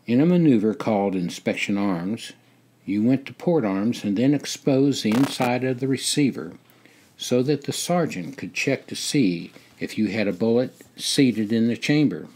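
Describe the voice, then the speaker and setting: An older man reading his own memoir aloud in a measured, deliberate storytelling manner. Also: medium pitch, expressive, darkish tone, husky. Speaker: memoir narrator.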